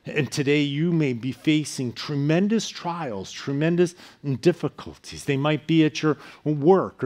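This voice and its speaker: A man, a pastor, preaching a sermon in an earnest way, his voice often falling soft at the ends of phrases. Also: fairly high pitch. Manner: earnest preaching with softer dropping phrase endings.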